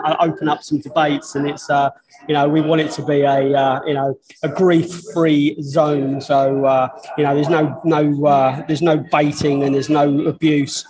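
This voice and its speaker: A man with a fairly high voice speaks haltingly on a football podcast, padding his thoughts with fillers. A crowd murmurs clearly behind him. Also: flat delivery, low-quality recording. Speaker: podcast co-host. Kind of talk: casual podcast chat.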